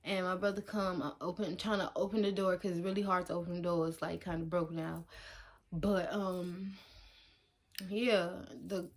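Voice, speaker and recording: A young woman from Detroit talking casually to camera as a vlogger. She tells a story in a slangy, animated way and acts out her own lines. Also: lowish voice, normal speed.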